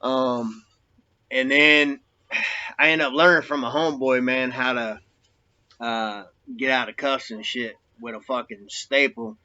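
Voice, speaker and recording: A man's voice: mid-range voice, fairly even intonation, a little slow, bright, forceful tone, dull audio. A man casually telling a rambling, profane story about his time in prison, full of street slang.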